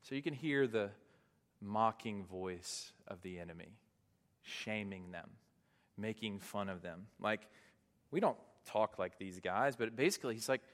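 A man preaching a sermon in a relaxed, conversational way, rising to emphatic peaks. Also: lowish voice, unhurried. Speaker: pastor. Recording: long hall reverb.

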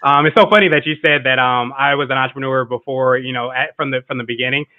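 A man's voice: mid-range voice, quick pace, dry recording. A man, a guest entrepreneur, talking casually in an interview with lots of fillers. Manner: relaxed, frequent fillers like "like" and "um". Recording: tinny remote call audio.

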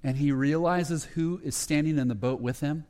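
Delivering a sermon at a moderate pace, a male pastor with a warm tone tells the story conversationally. He often restarts and drops into lower voices when quoting, and the sound is that of a big room.

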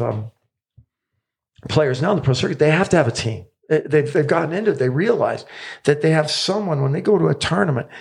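A man's voice: mid-range voice, creaky, breathy edge. A man in his seventies, a tennis coach telling stories as a podcast guest, enthusiastic and repeating phrases for emphasis. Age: 70s.

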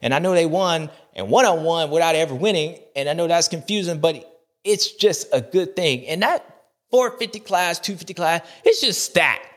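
A man's voice: a little high, lively intonation, normal speed, fairly bright tone. Rambling, slangy man doing a comedy recap. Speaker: host of a comedy racing recap.

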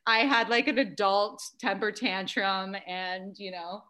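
A woman in her thirties, a podcast guest chatting casually and telling stories in a lively way, with lots of "like" and the odd swear word. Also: medium pitch, a little slow. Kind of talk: casual chat and animated storytelling.

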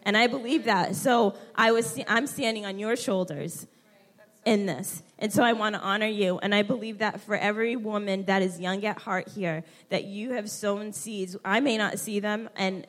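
A young woman speaking at a church gathering, heartfelt and halting as she fights back tears. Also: medium pitch, fairly even intonation. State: close to tears. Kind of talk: emotional tribute at a church women's gathering.

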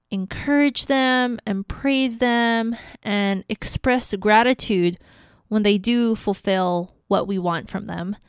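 A young adult woman hosting a podcast, giving relationship advice in an earnest, gentle and encouraging way. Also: mid-range voice, smooth, no room sound, clean studio sound. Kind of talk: casual advice talk.

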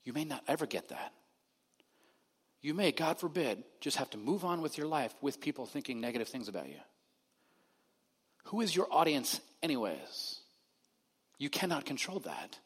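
A male pastor delivers a casual, conversational sermon. He moves between loud, pressing emphasis and soft, near-quiet stretches. His voice carries a long reverb from a church hall. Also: mid-range voice, sing-song, normal speed, long pauses, slightly rough.

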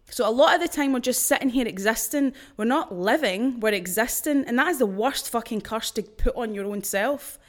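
A young woman hosting a motivational podcast, blunt and sweary, with pep-talk energy. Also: medium pitch. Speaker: podcast host and business coach.

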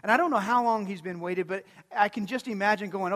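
A man's voice: high voice, fast talker, few pauses, a bit bright. A male pastor preaching a sermon in a conversational, storytelling way, often putting questions to the congregation. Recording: long hall reverb.

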